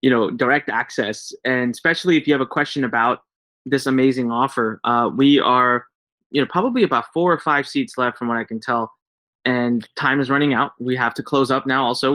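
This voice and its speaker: A man's voice: mid-range voice, fairly even intonation, brisk, sharp tone, dry recording. A man hosting a live webinar, upbeat, reading out audience questions. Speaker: webinar host.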